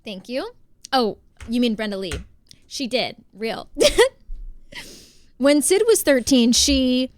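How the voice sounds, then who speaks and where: Bubbly American woman streamer, crisp dry voice. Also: mid-range voice, no echo. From United States. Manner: bubbly, chatty, greets viewers by name. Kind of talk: casual live-stream chat.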